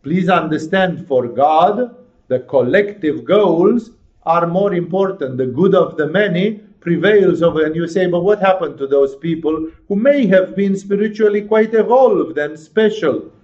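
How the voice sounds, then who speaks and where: Animated man giving a sermon. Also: fairly high pitch, measured pace. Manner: animated storytelling, acting out dialogue. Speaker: spiritual teacher. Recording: dull lo-fi recording.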